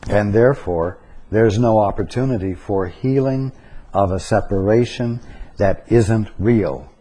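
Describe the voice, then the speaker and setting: A man giving a spiritual teaching talk, slow and deliberate, pausing to stress single words. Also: fairly low pitch, warm tone.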